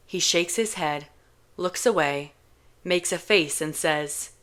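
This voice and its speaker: A woman reading a novel aloud in a calm, measured first-person narration. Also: lowish voice. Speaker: audiobook reader.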